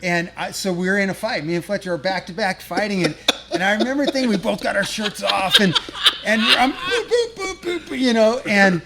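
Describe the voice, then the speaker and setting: Over a noisy crowd, a middle-aged guest musician laughs through his own rambling, profane touring yarn. His voice sits high and creaky, and he talks briskly.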